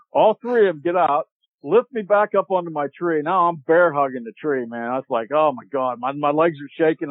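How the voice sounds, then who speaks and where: A man guest on a podcast, telling a long hunting story in a casual, animated way and acting out what people said. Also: on the high side, no echo. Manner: animated storyteller, acts out shouted quotes. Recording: tinny phone-like line, dry.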